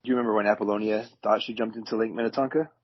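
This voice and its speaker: A man joining a casual sports podcast, tossing in quick jokes and asides. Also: lowish voice, steady tone. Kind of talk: casual chat. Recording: dull lo-fi remote audio.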